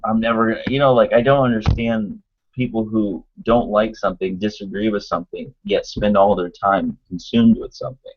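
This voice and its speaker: A man rambles through a casual online call, with fillers and restarts all along. His voice sits low and a little husky. The call audio comes through dull and lo-fi. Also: steady tone, normal speed. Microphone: computer mic on a video call.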